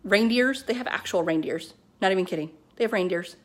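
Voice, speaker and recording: Chatty, excitable woman giving a pep talk. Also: mid-range voice, fairly quick. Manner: excited, chatty, heavy on "like" and "you know". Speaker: network marketing team leader. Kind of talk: casual motivational pep talk. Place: at home with her kids nearby.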